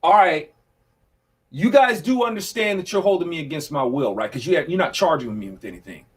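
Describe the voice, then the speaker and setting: A man hosting a casual Bible study, teaching in a lively, jokey way and acting out the scenes he reads. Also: fairly high pitch, fairly quick.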